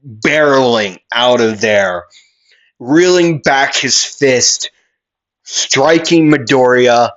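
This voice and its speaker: A man spins an improvised fan story at an unhurried pace. He rambles and restarts often, filling gaps with "like" and "uh". The recording sounds a little dull and lo-fi. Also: mid-range voice, fairly bright tone. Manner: rambling, with many fillers and restarts.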